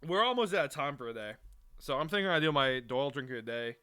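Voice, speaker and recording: A man's voice: medium pitch, animated, fast, pushed and bright, clear, resonant tone. A young man co-hosting a podcast, chatting casually, swearing freely and rambling with restarts. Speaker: podcast co-host. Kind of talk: casual chat.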